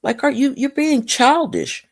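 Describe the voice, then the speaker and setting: A woman voicing an exasperated husband who is baffled and dismissive, in a shrill, incredulous tone. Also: unhurried, vocal fry, exaggerated voice.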